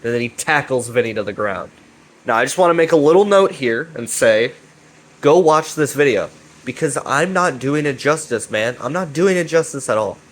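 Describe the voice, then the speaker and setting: Man, casual commentator, rambling recap delivery, swears and repeats himself, excitable, mid-range voice. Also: mid-range voice, normal speed. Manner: excitable, profane, repeats himself and keeps asking "right?". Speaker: YouTube commentator.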